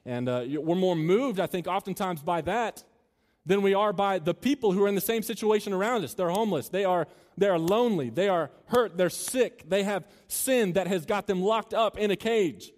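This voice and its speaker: Joking preacher in a big echoing hall. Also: male voice, sits high, moderate pace, a little mellow. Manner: joking and conversational, then earnest and building. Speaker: campus minister. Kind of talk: sermon to a student crowd. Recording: long reverb of a large hall.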